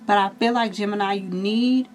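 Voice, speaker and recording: A woman's voice: medium pitch, steady tone, normal speed. A woman giving a casual astrology and tarot reading, chatty and reassuring, speaking directly to her viewers. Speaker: tarot reader.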